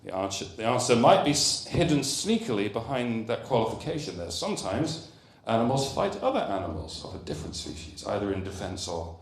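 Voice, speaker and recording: Animated man giving a comic lecture. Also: on the low side, fairly quick, few pauses. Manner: animated, jokey, rambling asides. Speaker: comedian giving a conference talk. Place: conference hall. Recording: roomy hall echo.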